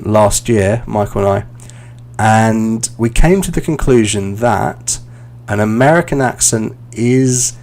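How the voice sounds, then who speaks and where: A man's voice: fairly low pitch, vocal fry, darkish tone. A man in his thirties from London with a London accent, teaching English on a live stream in a casual, chatty way and answering viewer questions as he goes. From London, England.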